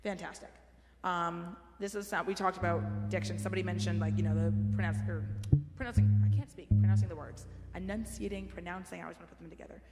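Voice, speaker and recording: A woman's voice: on the low side, fast. A woman leading a choir rehearsal in a church, giving casual, encouraging instructions on diction and dynamics. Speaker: choir director. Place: church sanctuary. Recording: roomy hall with music behind.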